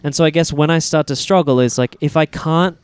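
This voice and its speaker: A man co-hosting a film podcast in casual chat, animated and ranting, swearing freely. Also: a little high, fairly quick, clear, resonant tone, no echo. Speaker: podcast co-host.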